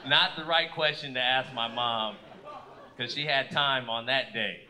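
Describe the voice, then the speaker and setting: A man from Fresno performing a stand-up comedy set, telling stories with loud acted-out quotes on a club stage. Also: mid-range voice, unhurried, a crowd in the background. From Fresno, California. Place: comedy club stage before a live audience.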